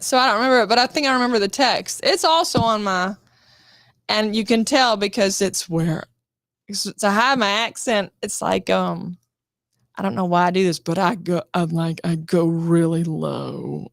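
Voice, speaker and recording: A woman, an actress and guest, telling show-business stories in a casual chat, animated and swearing, acting out quotes. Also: medium pitch, moderate pace, no room sound, clean studio sound. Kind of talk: casual storytelling interview.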